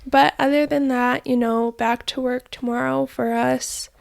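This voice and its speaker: A woman's voice: high-pitched, fairly even intonation, a little slow, vocal fry. A young woman co-hosting a podcast, congested from weeks of illness, laid-back with short replies. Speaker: podcast co-host. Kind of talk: casual chat.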